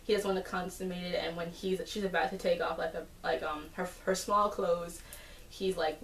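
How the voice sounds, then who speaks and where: A woman giving a casual, chatty episode recap, full of fillers and animated asides. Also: fairly low pitch, moderate pace, slight background noise. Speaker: TV episode reviewer. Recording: roomy, distant from the mic.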